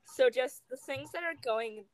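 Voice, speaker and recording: A woman's voice: high-pitched, a little slow, dry recording. A woman co-hosting a podcast in casual chat over a video call, bubbly, giggly and scattered. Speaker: podcast co-host.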